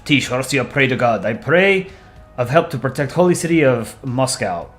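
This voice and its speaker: A man's voice: medium pitch, expressive, normal speed, fairly bright tone, soft background music, close to an everyday voice. A man voicing a worried male Russia countryball who speaks broken English with Russian words. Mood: pleading.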